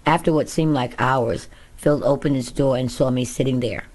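A woman with a very deep, darkish voice reads her memoir aloud for an audiobook at a moderate pace. She tells it candidly, in a first-person storytelling manner.

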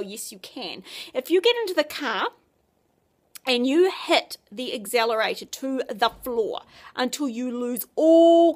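A woman with a high voice giving a devotional talk. She speaks earnestly and conversationally, with lively asides to her listeners. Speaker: Christian speaker.

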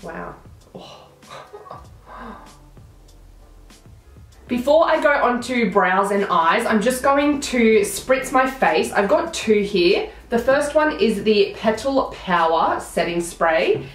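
A woman's voice: a little high, animated, slow, roomy sound, soft background music. Chatty woman with a blocked nose. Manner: chatty, narrating each step as she works. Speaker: beauty vlogger. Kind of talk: makeup tutorial talk.

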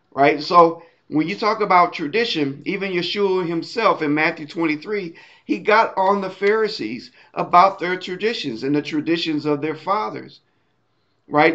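A man's voice: on the high side, fairly bright tone. Conversational preacher man, lo-fi sound. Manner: conversational, tags points with "right?". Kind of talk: sermon.

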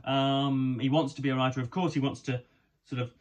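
A man's voice: mid-range voice, flat delivery, fairly quick. A young man reviewing a book to camera, stammering and repeating words often, with wry and ornate wording. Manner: hesitant, stammering with many repeated words and ums.

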